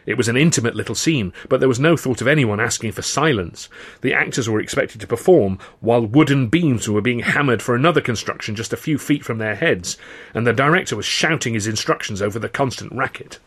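A middle-aged man narrates his own novel in a dry, measured first-person telling. His voice sits at an ordinary middle pitch with a husky, breathy grain. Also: fairly bright tone. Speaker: author and audiobook reader.

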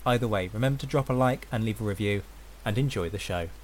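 A man's voice: fairly low pitch, fast, very noisy. A man reading a podcast supporter appeal in an earnest, grateful tone. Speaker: podcast host. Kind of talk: read sponsor appeal.

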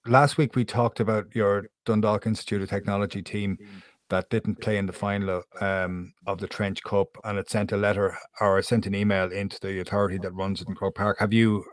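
A man with a fairly low voice hosts a sports chat, casually steering talk and asking his guests questions. The sound is dry and close. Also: steady tone, a little fast, no room sound. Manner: conversational, asks pundits questions. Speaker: host.

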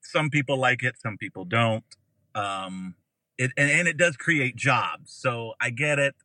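A man's voice: mid-range voice, a little slow, pushed and bright, no echo, low-quality recording. An American man from Ohio, a podcast guest, telling a story casually and acting out the people in it with big jumps in his voice. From Ohio, USA.

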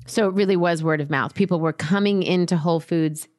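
A woman's voice: lowish voice, fairly even intonation, fairly quick, darkish tone. A woman hosting an interview, asking questions and giving frequent affirming responses. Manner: encouraging, frequent affirmations and laughs. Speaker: podcast host. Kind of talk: casual interview.

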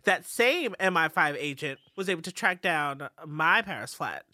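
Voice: medium pitch, expressive, moderate pace, bright, forceful tone, no room sound. A podcast co-host talking through a show in casual chat, thoughtful and hedging, often trailing off mid-thought.

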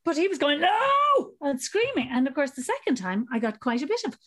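Telling a story on her podcast, this Irish co-host in her thirties talks fast in a high voice. The chat is casual, and she laughs animatedly while performing the characters' voices.

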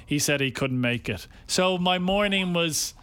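A man's voice: on the high side, lively intonation, a little slow, a bit bright, clear, resonant tone. A man with an Irish accent, a radio co-host telling stories in a wry, teasing way. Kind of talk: casual chat.

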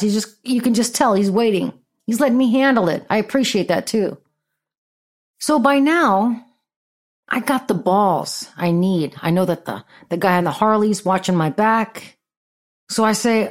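A woman hosting a podcast, telling a story in a blunt, profane, animated way. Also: mid-range voice, normal speed. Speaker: podcast host. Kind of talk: casual storytelling monologue.

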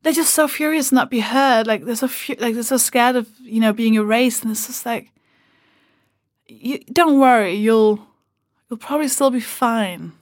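Podcast guest, female comedian; high-ish voice, dry recording, lively storyteller. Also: normal speed, no room sound. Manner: animated storytelling, acts out quoted people. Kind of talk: casual chat.

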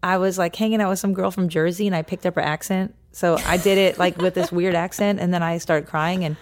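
Low-voiced woman in her fifties telling stories. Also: a little fast. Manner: lively anecdotal, mimics voices in quotes. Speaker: guest. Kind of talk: casual storytelling.

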